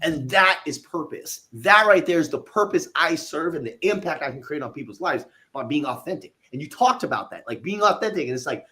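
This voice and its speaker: A man who owns a gym, telling a coaching story in a casual interview, animated and blunt, with some swearing. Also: on the high side, a little fast, hardly any pauses. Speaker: gym owner and fitness coach.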